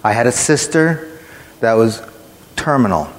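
A man's voice: mid-range voice, expressive, unhurried. A man preaching a sermon, telling a personal story in a conversational way and speaking directly to his listeners. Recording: long hall reverb.

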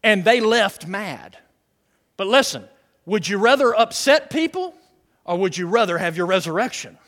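High bright-voiced preacher guy, lively sermon, big hall reverb. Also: normal speed. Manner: dramatic swings from shouting to near-whisper.

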